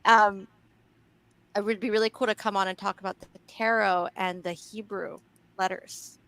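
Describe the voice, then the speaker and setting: A woman's voice: medium pitch, steady tone, moderate pace, gravelly, fairly bright tone, no echo. A woman hosting a live online chat, talking frankly and laughing often. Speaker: host.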